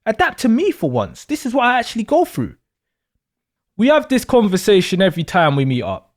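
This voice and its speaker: A spacey young woman with a cutting streak, played by a man. She drifts into mystical rambling and fires back insults when pushed, her pitch swooping widely from line to line. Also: huge pitch swings, brisk. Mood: defensive. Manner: rambles about mystical trips, then snaps back with insults.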